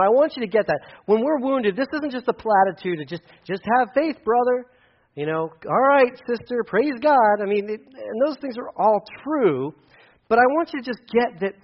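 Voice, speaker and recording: A male pastor preaching a sermon with an animated delivery, acting out quotes in loud, high bursts. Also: lo-fi sound.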